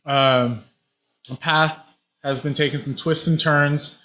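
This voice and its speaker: A man's voice: fairly high pitch, steady tone, slow pace, pushed and bright. A young man running a tabletop game, explaining rules and describing scenes in a loose way with many fillers. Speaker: game master.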